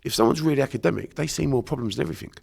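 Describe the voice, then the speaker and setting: Racing along in a mid-range voice that's gravelly, a little mellow and slightly rough, this South London man comes from Bermondsey. As an unconscious mind therapist guesting on a laid-back podcast, he's blunt, emphatic and swears freely.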